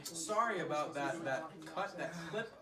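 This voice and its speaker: A man with a fairly high voice co-hosts a podcast in casual drinking-game chat. He rambles through his explanations with plenty of ums. His voice is picked up from a distance in an echoey room, with other people talking behind him. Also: expressive, unhurried, a crowd in the background. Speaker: podcast co-host.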